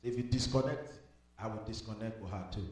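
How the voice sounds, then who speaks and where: A man's voice: lowish voice, brisk, far from the mic. Man preaching in an echoey church. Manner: emphatic, repeats declarations, swings from soft to loud. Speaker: pastor. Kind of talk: sermon with prayer and blessing. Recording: echoey hall with music behind.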